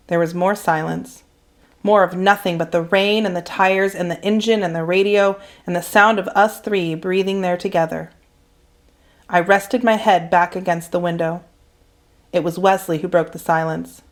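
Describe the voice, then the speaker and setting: A woman teacher reading a children's novel aloud in a calm, measured narration. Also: fairly low pitch. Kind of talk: storybook read-aloud.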